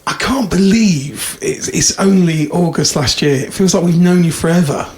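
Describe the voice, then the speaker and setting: A man's voice: a little high, moderate pace. A man co-hosting a podcast, chatting casually and telling jokes in a playful manner, often laughing. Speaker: podcast co-host. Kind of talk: casual chat and joke-telling. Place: room in a club. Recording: roomy echo, faint noise.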